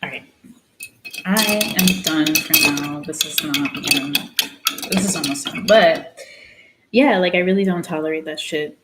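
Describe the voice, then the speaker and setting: A woman's voice: sits low, a little slow, pauses often, heavy background noise. A young woman artist chatting while she paints, ranting bluntly with lots of swearing and the odd Spanish phrase. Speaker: artist vlogger. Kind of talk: casual chat while painting.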